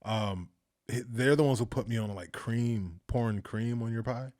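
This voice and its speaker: A man talking casually in an interview, telling lively anecdotes, acting out the voices of the people in them and laughing often. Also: medium pitch, moderate pace. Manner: animated storyteller, acts out quoted voices, laughs often. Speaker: filmmaker guest.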